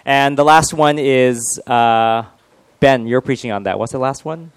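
A man's voice: mid-range voice, unhurried, clean tone, no echo. A male pastor giving a casual, joking sermon and quizzing his congregation.

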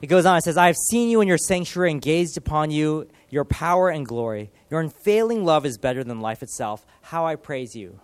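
A man in his thirties delivers a sermon in an earnest, animated way, pushing some lines hard and dropping others to near quiet. His voice sits a little high for a man. The sound is dry and close. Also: brisk, hardly any pauses, clean tone, no room sound. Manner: earnest, animated, with dramatic shifts in loudness. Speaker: pastor.

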